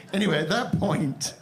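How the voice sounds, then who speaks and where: A man doing live stand-up on a stage before an audience. He tells a story in a halting, mock-serious, self-deprecating way, full of fillers and restarts, and banters with the crowd. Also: on the high side, creaky. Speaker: stand-up comedian.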